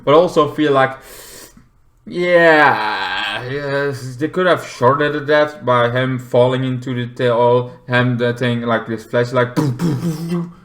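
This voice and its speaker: Bright-voiced rambling movie reviewer man. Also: mid-range voice. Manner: rambling, heavy fillers, swears, animated retellings. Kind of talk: casual spoken movie review.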